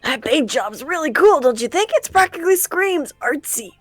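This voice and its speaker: Playful, lively woman streamer. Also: high voice, normal speed, no room sound, faint music behind. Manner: playful, giggly. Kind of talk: casual chat while playing.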